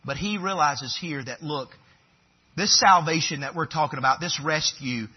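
Husky-voiced pastor preaching fervently. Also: male voice, fairly high pitch, a little slow, lo-fi sound. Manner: preaching with rising fervor, emphatic repetitions. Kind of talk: sermon.

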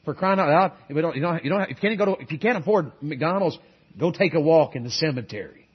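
A middle-aged man delivers a sermon in a high-pitched, slightly husky voice. He calls out to the congregation for amens and moves between loud urging and soft, earnest asides. The recording sounds muffled and lo-fi. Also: expressive, quick pace. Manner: call-and-response preaching, shifting between loud exhortation and quiet earnest asides. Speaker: guest preacher.

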